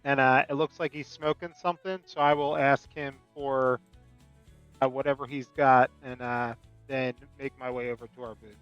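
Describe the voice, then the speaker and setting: A man with a smooth mid-range voice, slowly describing his character's moves in a tabletop game. He pauses on fillers, and his slightly dull lo-fi mic sits over faint music. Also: medium pitch, little pitch movement, a bit bright. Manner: slow, halting with fillers. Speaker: player.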